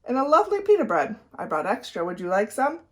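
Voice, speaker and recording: A woman voicing a cheerful young schoolgirl who insists on her odd sandwiches, earnest and bright. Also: mid-range voice, very animated, quick pace, close to an everyday voice. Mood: insistent.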